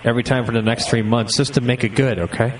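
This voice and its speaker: A man on a prank call, pushing hard and accusing the other side with mock offense. His voice sits at a middling pitch and sounds set back from the mic. A steady noise runs under the line. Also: fast. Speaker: prank caller. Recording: distant noisy phone line.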